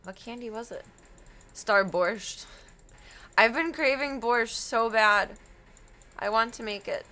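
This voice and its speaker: A woman's voice: a little high, moderate pace, pushed and bright. A young woman live-streaming, chatting casually with a giggly, rambling, self-deprecating manner.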